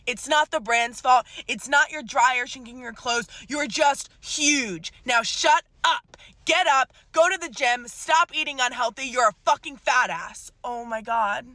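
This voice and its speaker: High, bright woman ranting furiously. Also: unhurried. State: livid. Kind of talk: angry rant video.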